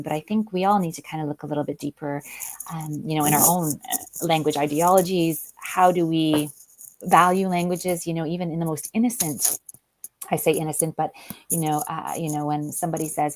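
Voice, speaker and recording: A woman's voice: low voice, steady tone, brisk, darkish tone, no room sound, poor audio. A woman speaking as an interview guest, thoughtful and full of "you know" fillers. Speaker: guest author and linguist. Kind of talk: interview conversation.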